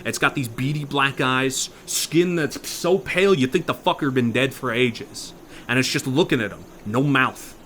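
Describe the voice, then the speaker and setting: A man's voice: medium pitch, normal speed, a little hiss or hum. Brash man telling a horror story. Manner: casual, profane, swings from hushed to loud. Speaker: improv storyteller. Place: virtual reality chat room.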